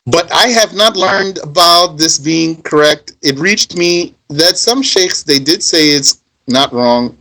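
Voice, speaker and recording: A man's voice: on the high side, slow pace, pushed and bright, rough recording. A man teaching a religious text, reading Arabic passages aloud and then explaining them in conversational, emphatic English. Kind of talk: reading and translating a text line by line.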